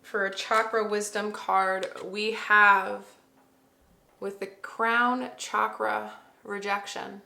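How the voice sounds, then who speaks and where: A woman's voice: medium pitch, little pitch movement, slow, creaky, bright, forceful tone. Chatty woman reading tarot, echoey room. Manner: chatty, thinks aloud, gushing bursts. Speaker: tarot reader. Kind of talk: casual tarot reading to camera. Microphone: camera mic.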